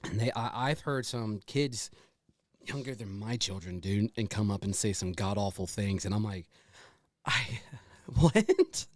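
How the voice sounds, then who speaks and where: A man's voice: fairly low pitch, sing-song, a little slow, no echo. Laughing, profane male podcast host. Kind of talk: casual podcast chat.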